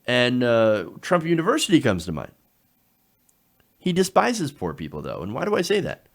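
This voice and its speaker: A man delivering opinionated political commentary in a sarcastic, animated way. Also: medium pitch, normal speed. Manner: sarcastic, animated, drops into mocking quotes.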